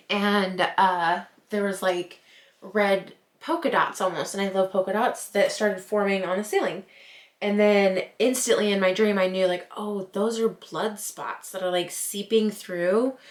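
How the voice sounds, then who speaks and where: A young woman telling a spooky personal story in a chatty vlog, with lots of "like" and laughing at herself. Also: mid-range voice. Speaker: vlogger. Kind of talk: casual storytime. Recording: roomy echo.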